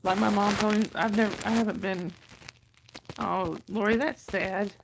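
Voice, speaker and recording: A woman's voice: mid-range voice, steady tone, normal speed, gravelly, a little hiss or hum. A middle-aged woman hosting a casual livestream, chatting with viewers, reading their comments aloud and cooing at her dog.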